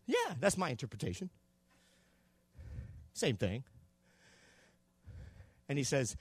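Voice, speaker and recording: A man preaching a sermon in a church, swinging between loud shouting and quieter low passages. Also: wildly swooping pitch, moderate pace, pauses often, slightly rough, no room sound, clean studio sound. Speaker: pastor.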